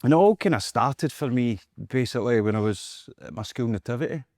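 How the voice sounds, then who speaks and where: A man with a Scottish accent, a guest performer telling animated, self-mocking stories with laughter in a casual chat. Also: medium pitch, a little fast, no room sound, clean studio sound. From Scotland.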